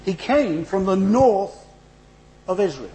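Northern English male preacher, middle-aged, fairly high voice with lively swings, chatty sermon with emphatic build-ups. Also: slow, slight background noise, low-quality recording. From northern England. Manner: animated, rising to emphatic rhetorical build-ups; conversational, with asides and humour. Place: church.

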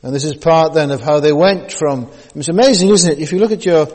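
A man preaching a sermon, halting with many fillers and repeated words, with folksy asides. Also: a little high, a little mellow. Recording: long hall reverb.

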